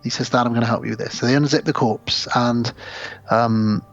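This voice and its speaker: A man's voice: medium pitch, fairly even intonation, a little fast, faint music behind. A man co-hosting a podcast in casual film chat, retelling a movie scene by scene and acting out the characters' lines. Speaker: podcast co-host. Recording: dull, muffled podcast audio.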